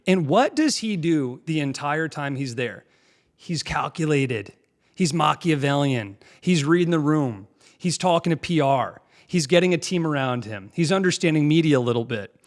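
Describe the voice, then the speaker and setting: A young man hosting a political commentary show, combative and mocking, pausing to mimic clips he plays. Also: fairly high pitch.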